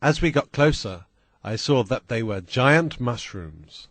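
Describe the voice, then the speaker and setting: A man reading a first-person adventure story aloud in a slow, deliberate, plain manner. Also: medium pitch, expressive, dry recording. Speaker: audiobook reader.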